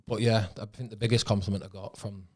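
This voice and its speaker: A man from Manchester, a guest actor, talking calmly and matter-of-factly on a podcast. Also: on the low side, fast talker. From Manchester, England. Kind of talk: casual podcast chat.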